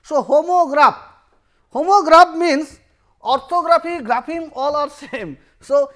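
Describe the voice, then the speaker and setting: Halting, repetitive university lecturer. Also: sits high, a bit bright. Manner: explanatory, repeats and rephrases terms; halting, with frequent restarts.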